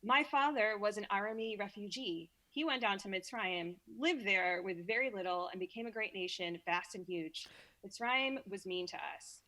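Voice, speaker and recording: A woman's voice: mid-range voice, moderate pace, pushed and bright. A woman with a Brooklyn accent, a podcast guest, chatting casually and reading scripture aloud with small stumbles and repeats. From Brooklyn, New York. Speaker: guest reader.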